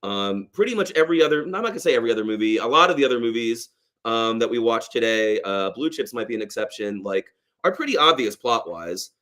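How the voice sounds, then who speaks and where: A man's voice: mid-range voice, quick pace. Chatty man reviewing a movie. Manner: animated, acts out quoted lines with a raised voice. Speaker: podcast co-host. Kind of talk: casual movie review chat.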